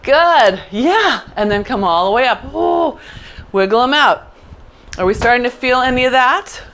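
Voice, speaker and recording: A middle-aged woman teaching a Pilates mat class, giving quick encouraging cues and praising often. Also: a little high, lively intonation, a bit bright. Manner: encouraging, upbeat cues with frequent "good". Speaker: Pilates instructor. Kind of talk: live online class instruction.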